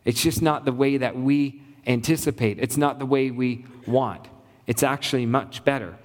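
A man's voice: medium pitch, moderate pace, long reverb tail. A man preaching a sermon as pastor, earnest and building his points through repetition.

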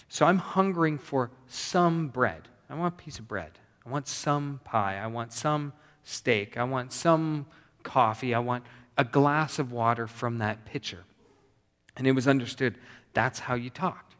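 A male pastor preaching a sermon in a conversational, animated way, repeating his phrases. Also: medium pitch, normal speed. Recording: long hall reverb.

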